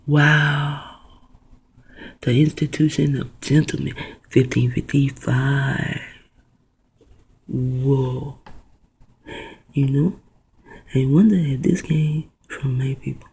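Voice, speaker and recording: A video host giving rambling commentary while reading aloud, spelling words out letter by letter, musing with soft exclamations and often dropping into a whisper. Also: mid-range voice, fairly even intonation, slow pace, creaky, long pauses, husky, poor audio.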